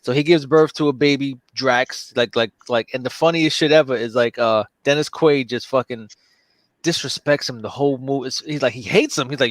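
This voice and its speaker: A man's voice: medium pitch, fairly quick, dry recording. A man in casual chat, telling a movie plot with lots of filler, cursing and acted-out character voices. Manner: animated storytelling, heavy profanity and filler.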